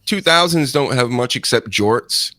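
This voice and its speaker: A man's voice: mid-range voice, lively intonation, unhurried, pushed and bright, no room sound, studio quality. A man hosting a casual wrestling chat show, rambling and joking, laughing often. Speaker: podcast host.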